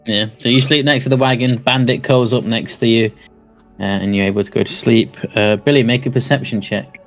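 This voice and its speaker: A man's voice: medium pitch, fairly even intonation, fairly quick, soft background music. A man running a tabletop game as game master, narrating in a loose, rambling way with many restarts and frequent laughs.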